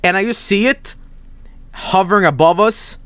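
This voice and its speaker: Animated swearing young man telling stories. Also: high voice, moderate pace, slight background noise. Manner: animated, swearing, mock-shouting quoted voices. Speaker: streamer. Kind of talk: casual storytelling while gaming.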